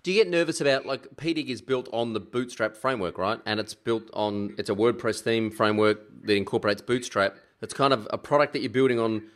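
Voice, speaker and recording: An Australian man hosts a casual interview. His voice sits at an ordinary middle pitch. He asks his questions in a friendly, chatty way. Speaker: podcast host.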